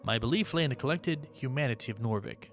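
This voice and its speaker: A man playing a game demo who reads its narration aloud and breaks off into quick, dramatic reactions. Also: mid-range voice, expressive. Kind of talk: let's-play commentary, reading game text aloud.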